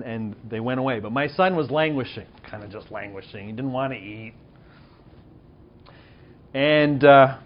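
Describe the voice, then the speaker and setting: A man's voice: medium pitch, muffled recording. A man in his thirties who pastors a church, telling a personal story in a conversational, self-deprecating sermon and asking the audience questions.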